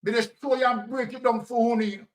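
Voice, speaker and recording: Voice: mid-range voice, fairly even intonation, fast talker, recorded from a distance, rough recording. A political commentator with a Jamaican accent, talking emphatically and repeating phrases in Jamaican Patois. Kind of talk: impassioned commentary.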